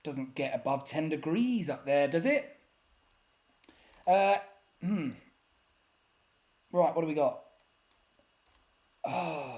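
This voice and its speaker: A man's voice: a little high, lively intonation, slow pace, pauses often, a little mellow. A man giving casual, self-deprecating commentary while playing a geography guessing game, often muttering in exasperation. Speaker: gaming YouTuber.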